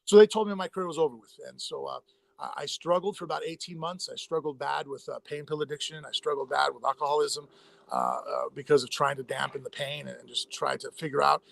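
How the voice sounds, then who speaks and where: A man telling a long personal story in a casual interview, in a rapid, rambling way with many fillers and restarts. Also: a little high, steady tone, gravelly, a bit bright. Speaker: interview guest, former fighter.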